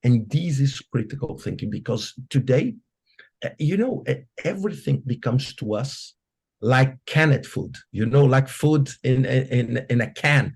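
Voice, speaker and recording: Brazilian man, gravelly and husky, lively pitch, panel talk with frequent restarts. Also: normal speed. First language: Portuguese. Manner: animated, repetitive restarts. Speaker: panel speaker.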